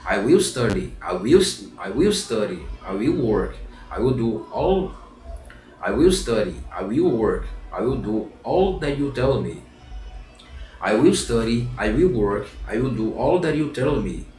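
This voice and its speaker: Pinocchio, the lazy but eager wooden puppet boy from a storybook, read by a man with a low voice, earnest and repeating his promises. The sound is roomy and a bit distant, with faint music underneath. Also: very animated, measured pace, a little mellow. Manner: earnest, repeats phrases over. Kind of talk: storybook reading.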